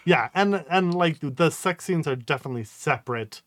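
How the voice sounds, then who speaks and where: A man's voice: on the high side, expressive, moderate pace, a bit bright, dry recording. A man co-hosting a casual book-club podcast, speaking hesitantly with many ums and likes and laughing easily. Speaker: podcast co-host.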